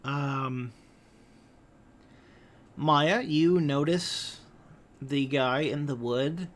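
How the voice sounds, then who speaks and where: A man's voice: on the high side, extremely slow. A man narrating a tabletop game as game master, hesitant, with frequent ums and uhs.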